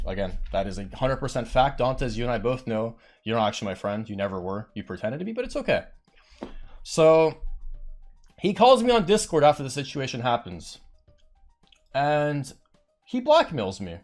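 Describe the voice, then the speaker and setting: A man's voice: medium pitch, very animated, normal speed, faint music behind. A man streamer telling a heated, rambling story on his stream, swearing often.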